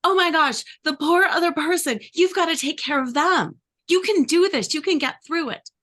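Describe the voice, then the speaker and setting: A woman's voice: extremely high pitch, normal speed, a bit bright, voice pushed up. A woman voicing a relentlessly upbeat inner cheerleader, pushing with toxic positivity. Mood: gushing. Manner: gushing, pushy toxic positivity.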